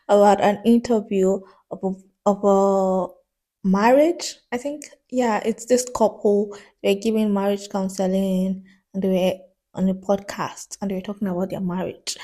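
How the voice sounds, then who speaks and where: A woman's voice: mid-range voice, warm tone. A young woman vlogging about books in a chatty, thoughtful way, still a little sick. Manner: chatty, thoughtful, laughs between points. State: sick, a bit congested. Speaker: book vlogger. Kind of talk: casual vlog commentary.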